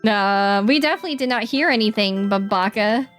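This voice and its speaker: A woman streaming a game, chatting casually and reading the dialogue aloud in quick playful voices. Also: medium pitch, fairly bright tone, soft background music.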